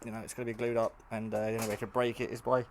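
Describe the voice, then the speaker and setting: Rapid-fire but flat, a lowish-voiced hobbyist maker rambles through a casual build vlog in his indoor home workshop, with many fillers and restarts. He sounds tired and half asleep. Faint background noise and clicks can be heard.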